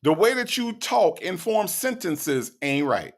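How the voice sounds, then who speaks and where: Gravelly man doing mocking commentary. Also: high voice, very animated. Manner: mocking, sarcastic, drawn-out delivery. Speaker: commentary host. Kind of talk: casual reaction commentary.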